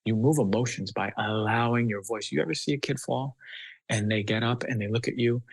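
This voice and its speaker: A man's voice: medium pitch, fairly even intonation, brisk, gravelly, no echo, low-quality recording. A man speaking as a guest doctor on a podcast, talking with passion and force, now and then acting out children's voices. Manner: emphatic, acts out children's voices.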